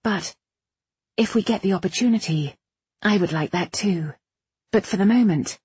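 A woman voicing a weary, wary young woman librarian-spy who speaks in hushed, anxious tones. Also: mid-range voice, normal speed, husky, no room sound, voice pushed up.

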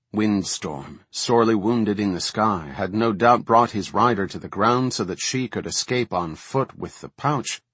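Husky low-voiced male narrator. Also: no echo. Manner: measured, even storytelling. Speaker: audiobook narrator. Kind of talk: scripted fantasy narration.

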